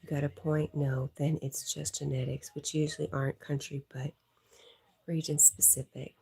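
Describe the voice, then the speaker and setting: A woman's voice: deep voice, level tone, moderate pace, vocal fry, mellow, slightly rough. A woman hosting a livestream, chatting casually and teasing as she reads viewer comments aloud, laughing often. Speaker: livestream host.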